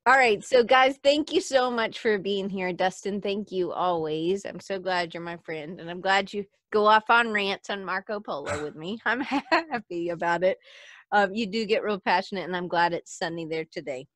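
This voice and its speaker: A woman's voice: mid-range voice, moderate pace, a bit bright, no room sound, studio quality. A woman hosting a podcast in a casual chat, giggly and chatty, reading out listener comments. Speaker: podcast host.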